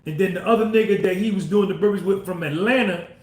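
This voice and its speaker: A man's voice: high-pitched, fast, a little mellow. A man hosting a podcast, telling a story in a casual way, repeating himself and acting out what others said. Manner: repetitive, acts out quoted dialogue. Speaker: podcast host. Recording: roomy echo.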